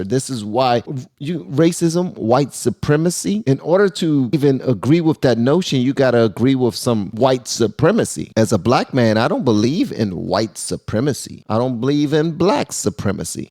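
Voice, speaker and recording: A man's voice: mid-range voice, a little mellow, no echo, studio quality. A man hosting a reaction commentary, talking in an emphatic, casual and slangy way and often repeating himself. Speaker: reaction channel host.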